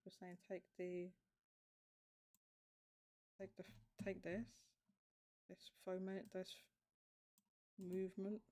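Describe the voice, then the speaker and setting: A woman hosting a casual livestream chat, thinking aloud with halting restarts as she works something out. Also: on the low side, flat delivery, mellow. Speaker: show host.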